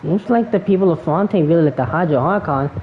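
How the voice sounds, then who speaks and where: A woman's voice: fairly low pitch, quick pace, muffled recording, slight background noise. A woman streamer casually commenting on her gameplay, rambling with self-deprecating asides. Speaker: game streamer.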